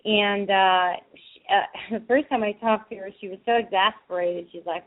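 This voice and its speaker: A woman's voice: mid-range voice, fairly even intonation, normal speed. A woman speaking as a guest on a call-in show, earnest and talking in loose runs of thought. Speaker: guest, advocacy group director. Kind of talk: casual call-in chat. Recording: phone-line sound.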